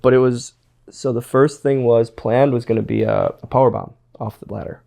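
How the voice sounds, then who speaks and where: Gravelly-voiced man telling wrestling stories. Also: medium pitch, steady tone, normal speed, mellow. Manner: rambling, repeats words, quotes others in his stories. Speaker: interview guest, former pro wrestler. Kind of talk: casual storytelling interview.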